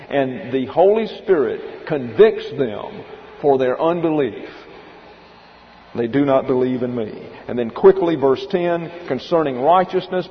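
A pastor preaching verse by verse, stopping to explain the Greek behind the words and telling listeners to note them down. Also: male voice, fairly high pitch, a little hiss or hum. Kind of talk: expository sermon. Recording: dull lo-fi recording in a reverberant hall.

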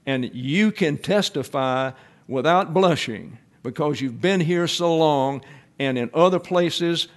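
A man's voice: on the high side, animated, slow pace. A man giving a Bible class sermon, explaining terms step by step and often saying "okay". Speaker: Bible teacher.

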